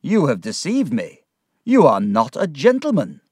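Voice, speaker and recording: A man's voice: mid-range voice, animated, measured pace, clean tone, no room sound, clean studio sound, voice pushed up, close to an everyday voice. A man playing a stern, angry older employer. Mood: angry, accusing. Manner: stern, accusing.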